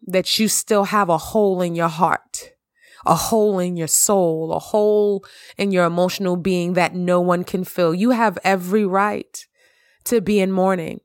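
A woman hosting a heartfelt solo podcast monologue at home. She speaks with passion and stresses her words, repeating her phrases and climbing high when she reassures herself. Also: clean tone, no echo, clean studio sound. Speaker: podcast host. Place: at home in the evening.

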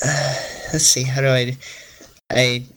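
A man co-hosting a casual anime podcast, talking haltingly while he improvises a fight scenario. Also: mid-range voice, flat delivery, fairly bright tone, poor audio. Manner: halting, full of fillers and restarts. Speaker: podcast co-host.

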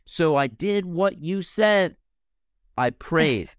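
Young man, podcast host, lively swinging delivery, dry close mic, fervent and heartfelt. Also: a little high, takes it slowly, smooth, no room sound. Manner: passionate, heartfelt, animated. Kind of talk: podcast interview.

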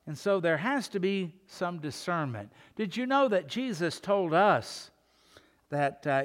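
An older man preaching a sermon as pastor, rising to loud calls and dropping to quiet asides. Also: sits high.

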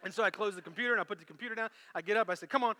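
A man preaching a sermon as pastor, animated and storytelling, acting out quoted lines. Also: sits high, very fast, long reverb tail.

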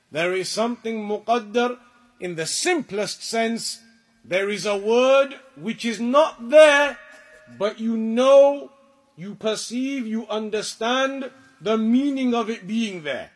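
A man giving a religious lecture to a class, explaining points deliberately and with emphasis. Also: high voice. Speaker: religious teacher.

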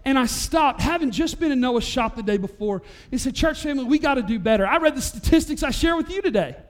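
Male pastor, unusually high voice; animated storytelling sermon delivery. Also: fast talker. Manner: storytelling, animated, voice rising to near-shouts at climaxes. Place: church sanctuary.

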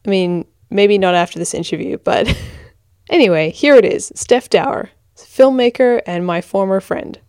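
A woman's voice: mid-range voice, normal speed, darkish tone, clear, resonant tone, dry recording, studio quality. Tired woman with an American-Australian accent. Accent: American-Australian hybrid. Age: 20s. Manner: giggly, self-deprecating, sassy. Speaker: podcast host. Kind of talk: casual podcast monologue. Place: bedroom, in a blanket fort.

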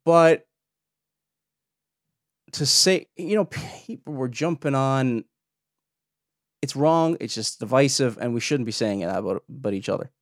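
A man hosting a podcast, giving pointed, animated critical commentary with rhetorical questions. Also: medium pitch, measured pace, long pauses, no room sound, clean studio sound. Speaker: podcast host reviewing a preacher's clips.

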